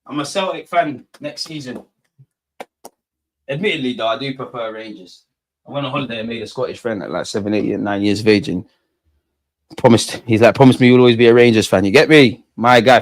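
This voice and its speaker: Young lad hosting a match watch-along, excitable, shouts at goals and ribs the players. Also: male voice, mid-range voice, a little fast. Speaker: football watch-along host. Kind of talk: live match reaction commentary.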